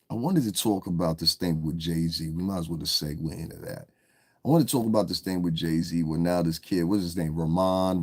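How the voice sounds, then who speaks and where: A deep-voiced man talks casually and profanely on a live stream, answering his chat as he goes. His voice is recorded close and dry, with no room sound around it. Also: no room sound. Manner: loose, profane, chatty, talking to viewers in chat.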